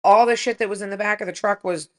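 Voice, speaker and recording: A woman in her forties, a podcast co-host, telling an animated story in casual chat and swearing freely. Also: medium pitch, quick pace.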